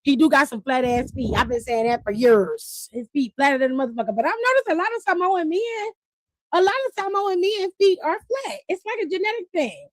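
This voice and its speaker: A woman hosting a live stream, recapping wrestling in casual chat, animated, profane and laughing often. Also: high-pitched, a little fast, no echo.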